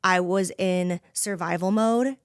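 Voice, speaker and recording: A woman in her thirties speaks candidly as a podcast guest, earnest and heartfelt, with plenty of "you know" woven into her talk. Her voice sits a bit low for a woman. The sound is dry and close. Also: slow, smooth, dry recording. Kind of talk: candid conversation.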